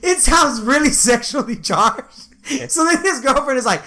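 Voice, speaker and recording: A man's voice: extremely high pitch, very animated, normal speed, sharp tone. A man in his twenties co-hosting a podcast, telling a funny story in casual chat, laughing often and swearing freely. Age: 20s. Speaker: podcast co-host.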